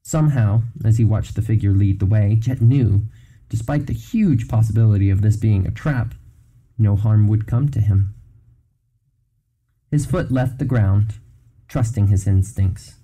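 A man reading a fantasy novel aloud in a measured storytelling manner. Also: lowish voice, dark tone, low-quality recording. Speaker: narrator.

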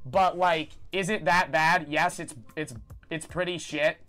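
A man live-streaming, talking fast and cursing, on a cheap lavalier mic that sounds blown out. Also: fairly high pitch, fairly even intonation. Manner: fast, profane, bursts into shouting. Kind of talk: casual live stream chat. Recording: distorted lavalier mic, music behind.

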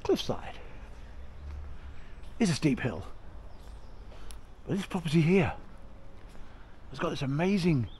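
A man's voice: a little high, big pitch swings, slow, pauses often, a little mellow, slight background noise, low-quality recording. A middle-aged man narrating a walking tour vlog, chatty and full of admiration, filmed on an action camera outdoors and in a small shop. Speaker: vlogger touring villages. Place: outdoors in a village, then inside a small shop. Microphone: action camera mic.

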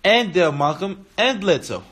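A man in his twenties chatting loudly and playfully on a livestream from home, teasing the people around him. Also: sits high, animated, measured pace, slightly rough. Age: 20s. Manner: playful, teasing, loud banter. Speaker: athlete hosting a livestream. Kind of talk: casual livestream chat. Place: at home indoors.

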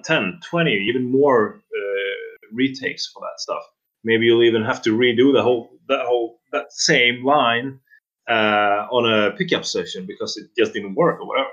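A man guest on a casual podcast, talking in a rambling, halting way with many restarts. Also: medium pitch, fairly bright tone, dull audio. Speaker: game sound designer guest.

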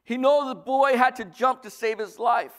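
High-voiced male pastor preaching. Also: normal speed. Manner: lively, swings from loud bursts to soft asides. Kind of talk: sermon.

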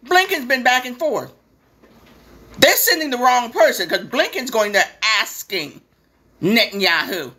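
A woman's voice: on the high side, lively intonation, moderate pace, pushed and bright. A woman hosting a live stream, delivering a blunt, profane and sarcastic impassioned rant.

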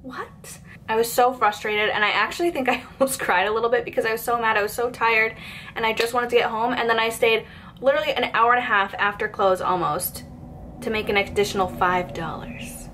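A woman's voice: a little high, steady tone, fairly quick, fairly bright tone, a little hiss or hum. A woman in her twenties telling a work story, chatty and exasperated, with lots of fillers. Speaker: vlogger. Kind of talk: storytime rant.

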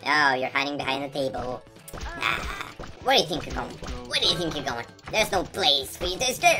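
Woman, very low voice, playful gameplay commentary, teasing, chatty, music playing behind. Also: sing-song, moderate pace. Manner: chatty, teasing, talks to game characters. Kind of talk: playful let's-play commentary. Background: game music.

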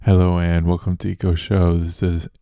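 A man's voice: low-pitched, flat delivery, normal speed, music in the background. A man hosting a show alone, talking casually and loosely with fillers and restarts. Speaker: host. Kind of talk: casual solo podcast monologue.

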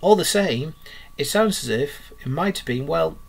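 A man's voice: fairly high pitch, animated, unhurried, gravelly, slight background noise. A man voicing a shy, loyal male mole who speaks hesitantly and wistfully.

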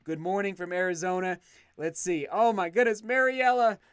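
Livestream host, male, effusive and excitable; smooth, resonant tone. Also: sits high, moderate pace, no room sound, clean studio sound. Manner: excitable, effusive thanks, frequent restarts. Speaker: channel host reading live chat. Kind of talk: casual livestream chat.

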